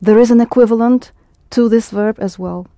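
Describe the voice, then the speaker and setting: Woman language teacher, patient, step by step, high mellow voice, dry recording. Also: moderate pace, no echo. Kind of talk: language lesson.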